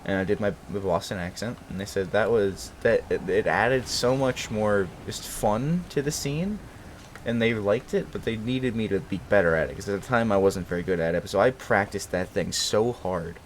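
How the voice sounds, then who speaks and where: A man's voice: on the low side, normal speed, a little hiss or hum. A man in his twenties from Brooklyn, New York, chatting casually as a host, rambling with frequent swearing, laughter and self-corrections. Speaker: channel host. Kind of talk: casual chat.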